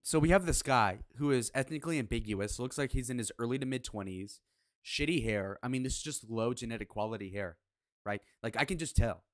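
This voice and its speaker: A man's voice: medium pitch, fairly quick, no echo. Brash crude young man, dry close mic. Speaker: livestream reaction host. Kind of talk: live-stream reaction commentary. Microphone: headphones on, desk mic.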